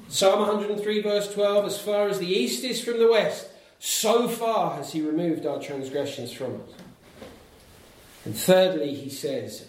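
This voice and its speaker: A man's voice: a little high, far from the mic. A man preaching a sermon to a congregation in a church hall, making emphatic numbered points and asking rhetorical questions. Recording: very echoey hall, picked up from afar.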